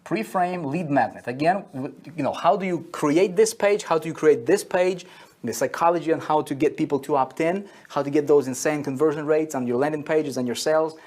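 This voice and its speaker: A man's voice: on the high side, a little fast, a little mellow. A man teaching an online marketing lesson at a whiteboard, repeating key phrases and checking in with "okay?" and "right?" after each point.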